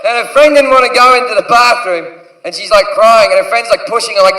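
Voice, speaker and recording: Brash Australian comedian in an echoey theatre. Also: male voice, very high-pitched, fast, sharp tone, far from the mic. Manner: brash, crude storytelling with acted-out voices. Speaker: stand-up comedian. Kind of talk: stand-up comedy routine. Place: large theatre stage.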